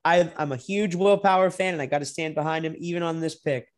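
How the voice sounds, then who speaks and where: A young man co-hosting a casual racing podcast, animated and profane, sometimes breaking into loud drawn-out shouts. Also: on the high side. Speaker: podcast co-host. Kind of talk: casual sports chat.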